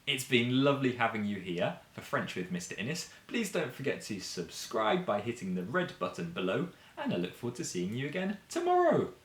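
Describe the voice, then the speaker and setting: A man teaching basic French to beginners and kids, saying each word slowly and clearly for learners to repeat. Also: medium pitch, wildly swooping pitch, reverberant. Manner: slow, drawn-out repetitions for learners to copy.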